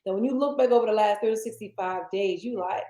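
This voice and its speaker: A woman hosting a casual motivational interview, talking in an animated way and jumping into high playful voices when she quotes others. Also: fast. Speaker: interview host. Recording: roomy echoey sound.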